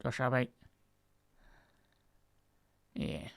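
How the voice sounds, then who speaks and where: A football commentator and YouTube host, speaking with a Liverpool Scouse accent, gives live fan commentary on a match, chatting with viewers and laughing often. His medium-pitched voice is gravelly and animated, and he talks very slowly. The recording has no echo.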